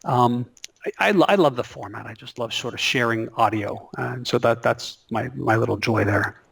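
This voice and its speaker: A man's voice: mid-range voice, normal speed, gravelly, fairly bright tone, husky. A middle-aged man as a podcast guest, chatting casually and rambling a bit, correcting himself as he goes. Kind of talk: casual interview talk.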